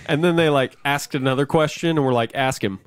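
A man co-hosting a podcast in casual chat, telling stories in an animated, profane way. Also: fairly high pitch, quick pace, clean tone, dry recording. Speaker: podcast co-host.

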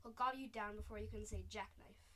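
A woman's voice: mid-range voice, fairly even intonation, fast, fairly bright tone, a little hiss or hum, lightly acted. A woman voicing a big, kind male giant who speaks in jumbled, made-up words. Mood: grinning.

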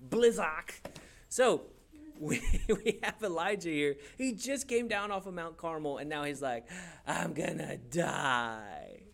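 A man's voice: sits high, moderate pace. A young adult man preaching a sermon, telling stories with playful put-on voices. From grew up in a Hispanic church community. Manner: animated storytelling with playful voices. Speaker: pastor.

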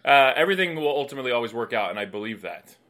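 A man with a bright, forceful voice telling a funny story on a podcast. He talks loosely and animatedly as a comedian co-host, slipping into acted-out voices as he goes. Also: medium pitch, very fast. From New York City. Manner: animated, acts out voices with laughs. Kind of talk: casual storytelling chat.

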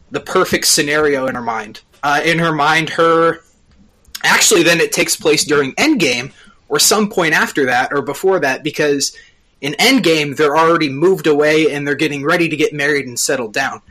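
A man with a bright, forward tone and a voice pitched slightly above the usual male range. He talks through the story in relaxed podcast chat, and he stops often on small filler sounds as he explains. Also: rough recording. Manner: explains at length with frequent uh fillers. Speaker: podcast co-host. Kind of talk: casual chat recapping a TV episode.

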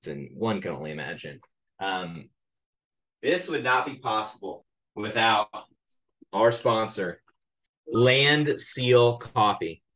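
Low-voiced man, podcast co-host, casual chat, mock-salesy, stammering restarts. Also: a bit bright. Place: his bedroom at home.

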